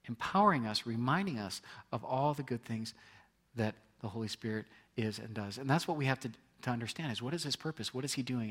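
A man's voice: mid-range voice, fairly bright tone. A man preaching a sermon in a conversational way, reading scripture aloud and often restarting his words. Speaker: pastor.

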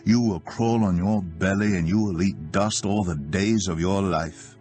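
God, grave and commanding, as a british reader voices him, low voice, faint music. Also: male voice, a little slow, a little mellow. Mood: pronouncing.

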